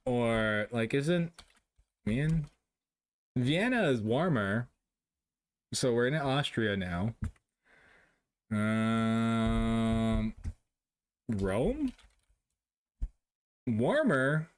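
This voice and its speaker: A man's voice: medium pitch, big pitch swings, extremely slow, long pauses. A young man streaming live, chatting casually with his viewers while playing a guessing game, joking at his own expense and laughing often. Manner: jokey, self-mocking, laughs often.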